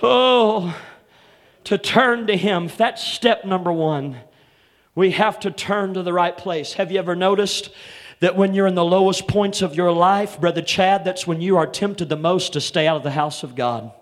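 Pastor guy preaching sunday morning, kinda high voice, calls out folks by name, gets loud n drawn out. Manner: rising to loud, drawn-out shouted preaching, calling out congregation members by name; repeats "come on here" as a call to the congregation. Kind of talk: sermon.

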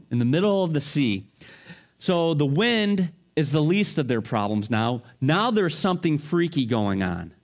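A man's voice: medium pitch, darkish tone. A middle-aged male pastor giving a sermon in a conversational way, full of rhetorical questions and family stories.

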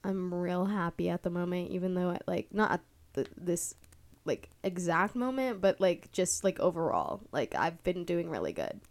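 A woman's voice: on the low side, lively intonation, moderate pace. A young woman from the Bay Area hosting a casual solo podcast, rambling with lots of fillers and laughing easily. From San Francisco Bay Area. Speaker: podcast host.

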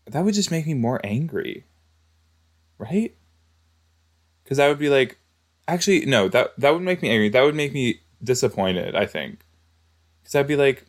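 A man's voice: mid-range voice, very animated, moderate pace, pauses often. A man giving casual, exclamatory commentary while reacting to a show, talking back to the screen. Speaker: reaction video host.

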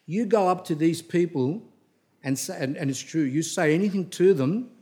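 A middle-aged man with a somewhat high-pitched voice delivers a spoken religious talk. He tells stories in a loose, digressive way and often starts a sentence over. When he scolds, he becomes blunt and emphatic. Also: normal speed, a little mellow. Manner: digressive, anecdotal, with frequent restarts. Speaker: religious teacher giving a talk.

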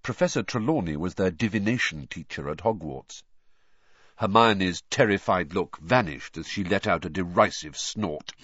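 A man narrating an audiobook with expressive storytelling, on a dull lo-fi recording. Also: low voice, normal speed, dry recording. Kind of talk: audiobook reading.

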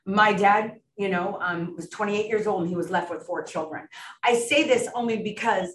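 A woman's voice: medium pitch, moderate pace, a little hiss or hum. Brief: middle-aged woman, earnest and emotional testimony, far off in a roomy space. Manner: earnest, emotional, laughs often. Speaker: recovery meeting speaker. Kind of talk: personal testimony at a support meeting. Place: meeting room. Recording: echoey room, recorded from far off.

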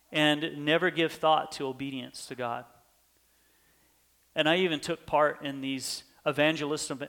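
A man's voice: on the high side, a bit bright. A pastor preaching a sermon in an earnest manner, his voice swelling with emphasis.

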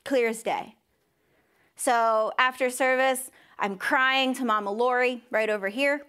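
A young woman sharing a personal testimony with a church congregation. She is emotional, near tears at times, and acts out the voices she quotes with big leaps in pitch. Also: measured pace, a bit bright, clear, resonant tone. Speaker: speaker at a church service.

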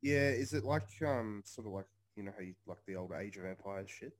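A man's voice: fairly low pitch, fairly quick, no echo. A young man in casual podcast banter, laughing often and swearing heavily in slangy speech.

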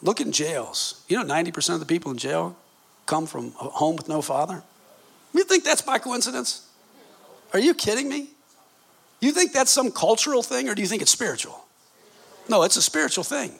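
Fifties male preacher, high gravelly voice, husky edge, passionate, quiet-to-shouting swings. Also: sing-song, brisk, long pauses. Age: 50s. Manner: passionate, swings from low intimate tones to shouted exclamations. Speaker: pastor. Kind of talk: sermon.

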